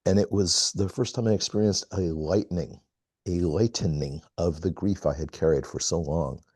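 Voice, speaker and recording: A middle-aged man on a video call, telling a personal story in a halting, reflective way with many pauses. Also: low-pitched, a little mellow, breathy edge, dry recording, studio quality. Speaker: call participant. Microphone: video call mic.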